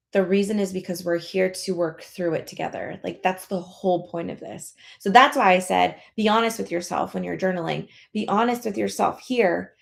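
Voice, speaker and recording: A woman's voice: medium pitch, vocal fry. A woman weight loss coach talking casually in a members-only live session, encouraging listeners and acting out their inner thoughts.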